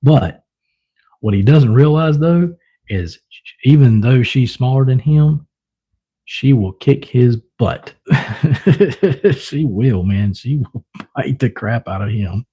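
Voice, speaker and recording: A man's voice: medium pitch, lively intonation, takes it slowly, pauses often, warm tone, husky. A man livestreaming, casually telling a rambling story, chuckling often and mimicking his pets.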